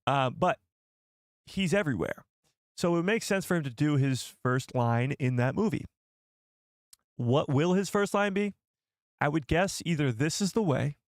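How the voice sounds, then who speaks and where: A man's voice: a little high, expressive, a little slow, pauses often, no room sound, clean studio sound. A young man hosting a casual live stream, chatty and jokey, thinking aloud with fillers as he reads out viewer comments.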